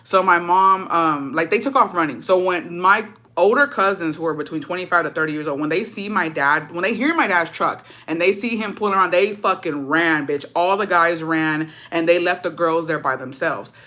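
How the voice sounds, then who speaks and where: Young woman storyteller with a bright, ringing voice. Swears freely, mixes in Spanish, and tells the story in a dramatic, animated way. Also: on the low side, moderate pace, hardly any pauses. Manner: profane, slangy, mixes in Spanish phrases. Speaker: storytime vlogger. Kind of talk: casual storytime.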